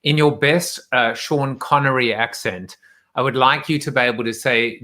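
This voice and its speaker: A man hosting a casual video-call chat, teasing his guest in a playful, quick-witted way. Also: medium pitch, steady tone, sharp tone. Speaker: host.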